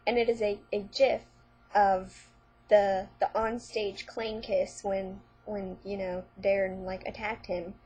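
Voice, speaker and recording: A woman's voice: mid-range voice, flat delivery, slow pace, a little mellow, breathy edge, dull audio, faint music behind. A woman vlogger reading fan fiction aloud, breaking in with sarcastic, mocking commentary.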